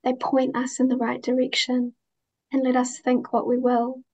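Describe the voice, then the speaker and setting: A woman's voice, set a little high and held fairly level in pitch. She talks in a gentle, heartfelt way, reflective and unhurried as she answers questions in an interview. She sounds like a woman in her thirties. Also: monotone. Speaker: interview guest.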